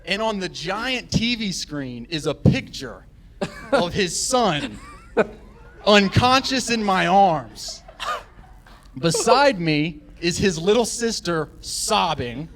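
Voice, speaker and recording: A man tells a comic story on a live podcast, his voice sitting a little high. He slips into the voices of the people in his tale. He keeps the telling lively. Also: takes it slowly. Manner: animated, acts out quoted voices. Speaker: guest storyteller.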